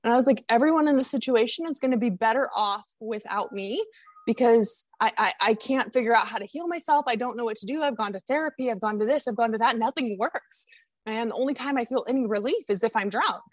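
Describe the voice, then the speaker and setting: A woman with a fairly high voice tells her personal story on a podcast. She is candid and confessional, with animated retelling. The sound is dry and close. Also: fast, no room sound. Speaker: podcast guest.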